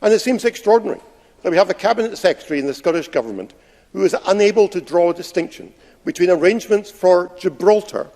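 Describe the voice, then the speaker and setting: An opposition politician, a man, pressing a minister with pointed, sarcastic questions in formal parliamentary language. His voice is a little high for a man. The large chamber adds a long reverb to his speech. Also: lively intonation, quick pace, darkish tone.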